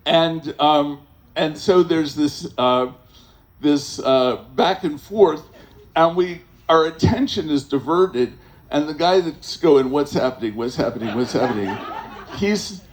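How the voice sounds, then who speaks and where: Slow, rambling man telling a story. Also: on the high side. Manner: rambling, halting, full of fillers and restarts; chuckles through the telling. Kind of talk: live personal storytelling.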